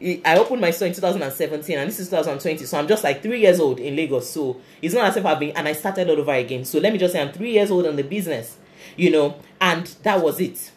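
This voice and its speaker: A woman's voice: low voice, fast talker, a little mellow. A Nigerian woman in her thirties who runs a fashion business, giving earnest, motivational talk on a live stream and answering viewer comments. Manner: earnest and motivational, repeats key phrases.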